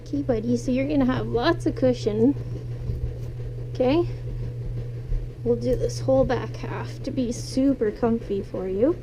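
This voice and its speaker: A woman vlogging while she cleans pet cages, talking gently and soothingly to her animals. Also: a little high, unhurried, pauses often, noisy background. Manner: soothing, talks softly to animals. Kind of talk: casual talk to pets while cleaning cages. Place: indoor room with pet cages.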